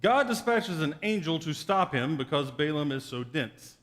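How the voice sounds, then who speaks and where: A male pastor preaches in a wry, joking storyteller's way, his voice pitched a little high for a man. A long reverb from the church sanctuary trails every phrase. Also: sing-song, normal speed, a bit bright. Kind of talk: sermon.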